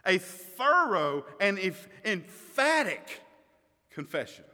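A man preaching a sermon as pastor, emphatic, swinging between loud stresses and quiet asides. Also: high voice, lively intonation, measured pace. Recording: long reverb of a hall.

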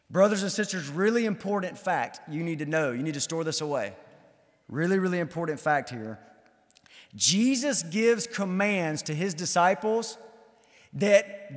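High-voiced male pastor, emphatic sermon delivery, rhetorical questions, church hall reverb. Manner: emphatic, repeats key phrases, rhetorical questions.

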